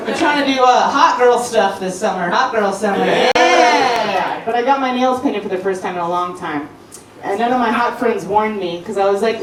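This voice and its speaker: Loud, profane female stand-up comic, laughs through her bits; echoey, far-off house-show recording. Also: fairly high pitch, a little fast. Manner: brash, profane, laughs at own jokes. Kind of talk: stand-up comedy set. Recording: echoey room, distant mic, noisy.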